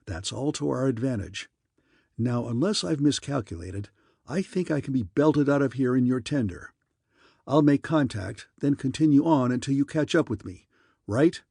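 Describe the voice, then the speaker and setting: A man's voice: mid-range voice, expressive, normal speed, vocal fry, warm tone, breathy edge, no echo, clean studio sound. A man voicing a stubborn male mission commander who talks in an urgent, insistent way. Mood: planning.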